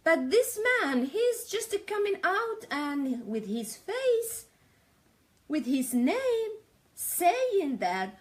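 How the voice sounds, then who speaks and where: A woman's voice: sits high, big pitch swings, slow pace. A woman talking in a casual live stream from her attic on a tablet mic, agitated and repeating herself. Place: home attic.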